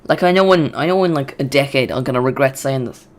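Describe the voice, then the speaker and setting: A man hosting a live football watch-along, chatty and excitable, often restarting his sentences. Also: mid-range voice, fast.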